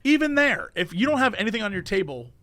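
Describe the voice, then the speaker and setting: Male podcast co-host, high bright voice, animated ranting storyteller. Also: fast, no room sound. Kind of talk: casual chat.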